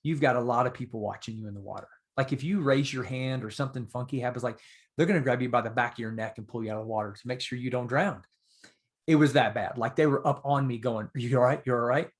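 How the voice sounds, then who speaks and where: A man guesting on a podcast, telling stories in a casual, animated and earnest way. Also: mid-range voice, fast talker. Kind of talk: casual storytelling.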